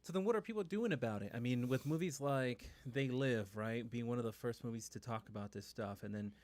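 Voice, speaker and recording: A man co-hosting a podcast in casual chat, laid-back and teasing, pausing often with fillers. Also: mid-range voice, a little mellow. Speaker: podcast co-host.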